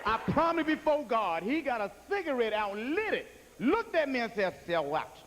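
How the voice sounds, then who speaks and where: A man doing a stand-up comedy set, telling stories loudly and acting out the voices of the people in them. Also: very high-pitched, normal speed, background noise. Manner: loud animated storytelling, acts out voices. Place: comedy club stage.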